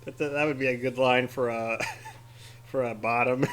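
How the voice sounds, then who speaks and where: A man's voice: medium pitch, steady tone, normal speed, fairly bright tone, clean tone. A man eating chili as he scrolls his feed, rambling, giggling and trailing off mid-sentence. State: eyes watering from spicy food. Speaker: vlogger. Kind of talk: casual commentary while eating.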